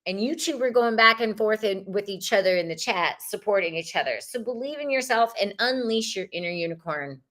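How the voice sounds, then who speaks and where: A woman's voice: medium pitch, fairly quick, few pauses. A woman hosting a live tarot show, reading cards for viewers in a chatty, upbeat way and repeating phrases like mantras. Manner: upbeat, chatty, with sudden excited squeals. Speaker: tarot reader host.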